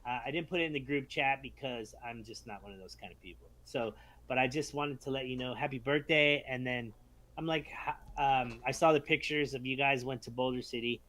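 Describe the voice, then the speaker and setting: A man's voice: mid-range voice, a little fast, a bit bright. A man, a pastor and podcast co-host, chatting in a laid-back, understated way. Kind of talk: casual podcast chat.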